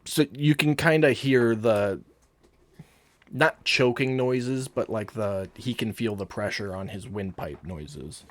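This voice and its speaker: Guy game master walking players through rules, calm and patient, dry close mic. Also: fairly low pitch, takes it slowly, no echo. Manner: patient, explains rules step by step. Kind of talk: running a tabletop game online.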